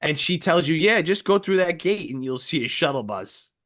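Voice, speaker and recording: A man co-hosting a podcast, telling a profane, animated story in casual chat and acting out the people in it. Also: a little high, moderate pace. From New York. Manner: animated, profane, acts out voices in anecdotes. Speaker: podcast co-host.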